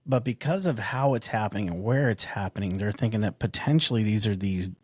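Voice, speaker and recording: A man's voice: lowish voice, a little fast, darkish tone, husky, dry recording, clean studio sound. A man co-hosting a paranormal podcast in casual chat, often chiming in with short agreements. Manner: affirming, frequent short agreements. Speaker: podcast co-host.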